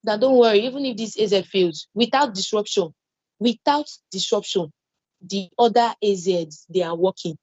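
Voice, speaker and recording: A woman's voice: medium pitch, moderate pace, darkish tone, no room sound, dull audio. A woman with a Nigerian English accent teaching an online cloud security class, repeating key points and reassuring with everyday examples. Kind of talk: online training lecture.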